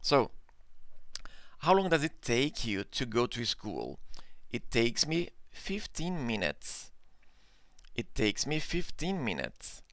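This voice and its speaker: A man's voice: medium pitch, wildly swooping pitch, slow pace, long pauses, fairly bright tone, dry recording. A man with a Brazilian Portuguese accent teaching a live online English lesson, patiently repeating examples and checking in with "okay?".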